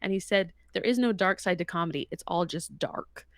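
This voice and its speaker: A woman's voice: lowish voice, lively intonation, fairly quick, vocal fry, dry recording. A woman co-hosting a casual podcast, giving a bubbly, rambling rundown of entertainment news. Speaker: podcast co-host. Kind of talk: casual chat.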